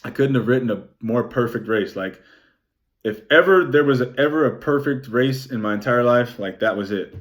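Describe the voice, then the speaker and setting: A young man recapping his race in a vlog, excited and rambling, swearing freely and saying "like" often. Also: mid-range voice, moderate pace. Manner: excited, rambling, swears a lot, many "like" fillers. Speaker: vlogger.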